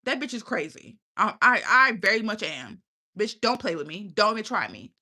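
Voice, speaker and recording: Blunt, profane woman with a bright voice. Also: mid-range voice, sing-song, normal speed. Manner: blunt, profane, preachy questioning. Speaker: channel host. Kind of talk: casual livestream rant.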